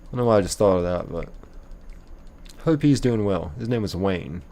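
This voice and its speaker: A man's voice: fairly low pitch, lively intonation, moderate pace, mellow. A young man hosting a live stream, chatting loosely and reading out viewer messages with lots of fillers. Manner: loose and rambling, many fillers. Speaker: livestream host.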